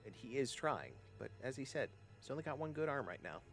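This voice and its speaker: A man's voice: mid-range voice, sing-song, brisk, soft background music. A man narrating as game master of a tabletop game, rambling with frequent fillers and self-corrections.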